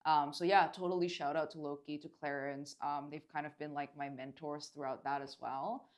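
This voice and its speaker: A woman's voice: low-pitched, steady tone, normal speed. A woman guest, a dance event organizer, talking earnestly in a casual interview and using many filler words.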